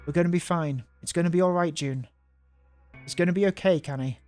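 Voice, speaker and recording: A man voicing a calm young man who softly comforts someone in a low, soothing tone. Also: fairly quick, dry recording, faint music behind, natural voice. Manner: soft, low, soothing reassurance.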